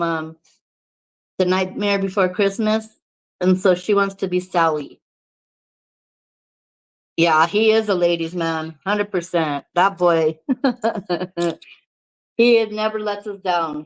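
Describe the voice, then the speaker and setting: A woman's voice: mid-range voice, poor audio. A woman vlogger from New Mexico chatting casually to the camera, candid, swearing freely and laughing often.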